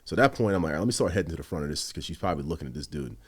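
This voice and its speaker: Fast-talking deep-voiced man telling stories. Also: crowd noise. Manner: animated, heavy swearing, quotes himself. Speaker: podcast guest, former police officer. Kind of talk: casual storytelling.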